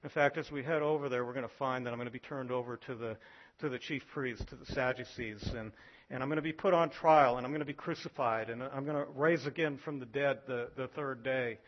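A man preaching a sermon as pastor, animated, acting out voices from scripture. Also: fairly quick, dull audio. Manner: animated, acts out biblical voices with rising pitch.

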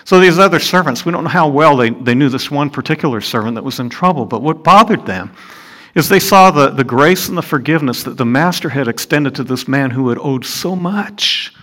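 A man preaching a sermon and explaining scripture, earnest, asking his listeners rhetorical questions and rising in pitch and volume for emphasis. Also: animated, fairly quick, a bit bright.

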